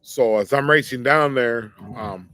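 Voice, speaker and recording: A man's voice: medium pitch, a little slow, bright, forceful tone, no echo. A middle-aged man hosting his own show, telling a personal story in a casual, blunt, slangy way and warning listeners. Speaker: show host.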